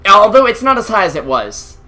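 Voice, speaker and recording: A man's voice: high-pitched, big pitch swings, a little fast, bright, forceful tone, faint music behind. A male esports caster in casual chat, self-deprecating, breathing heavily into a close mic. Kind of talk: casual chat between game commentary.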